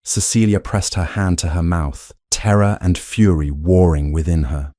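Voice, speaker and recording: A man narrates a period romance in a deep, dark voice. His delivery is steady and measured, like a prepared audiobook reading. The recording is dry, with no room sound. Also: dry recording. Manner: even, measured storytelling.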